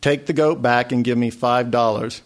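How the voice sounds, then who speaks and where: A man's voice: mid-range voice, steady tone, normal speed, natural voice. A man voicing a phlegmy old village father. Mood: insistent. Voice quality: phlegmy, gurgling. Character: frail old village father, haggling shrewdly.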